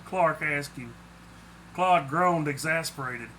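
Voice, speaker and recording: A man's voice: high voice, lively intonation, normal speed, bright, forceful tone, a little hiss or hum, low-quality recording. A man reading aloud his own short story, with small slips. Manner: plainly spoken with small slips. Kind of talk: storybook narration.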